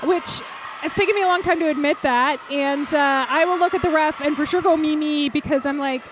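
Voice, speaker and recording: A woman's voice: high-pitched, fairly quick, noisy background. A woman commentating a live roller derby bout, chatty and jokey, often laughing at her own puns.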